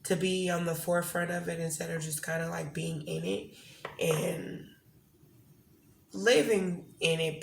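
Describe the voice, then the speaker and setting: Woman, tarot reader, candid rambling delivery; low, gravelly voice in a roomy space. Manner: rambling, candid, swears casually. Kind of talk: casual tarot reading to camera. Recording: echoey room with faint noise.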